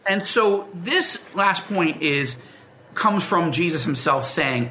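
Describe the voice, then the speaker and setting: A man with a high, bright voice teaches in a conversational way, acting out the people in his stories. His pitch swings widely, and the room around him rings with echo. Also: takes it slowly, a little hiss or hum. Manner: animated storyteller who acts out the people he quotes. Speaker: guest explaining evangelical beliefs.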